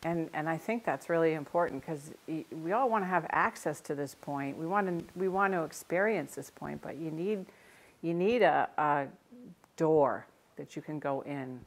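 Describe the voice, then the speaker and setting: Older female Zen teacher, lowish voice, relaxed conversational dharma talk with light humor. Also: moderate pace. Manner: conversational and storytelling, with gentle self-mocking humor. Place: meditation center hall.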